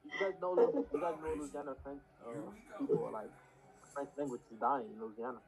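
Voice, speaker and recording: A man's voice: medium pitch, quick pace. A man in casual chat with friends on a voice call, playfully mimicking regional accents.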